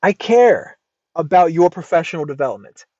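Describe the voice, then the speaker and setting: An American man hosting a casual advice podcast, reacting to a post in an emphatic, lively way and swearing freely. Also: on the high side, normal speed, dry recording. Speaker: podcast host. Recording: dull lo-fi dry sound.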